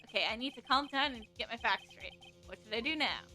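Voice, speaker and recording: A woman voicing a flustered young male defense lawyer in a video game, excitable and shouting his claims. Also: fairly high pitch, quick pace, faint music behind. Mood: excited.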